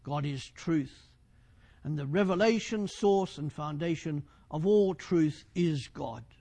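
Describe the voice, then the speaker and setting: A man's voice: fairly high pitch, slow, creaky, dark tone. A middle-aged man preaching a sermon with fervor, repeatedly putting questions to his listeners.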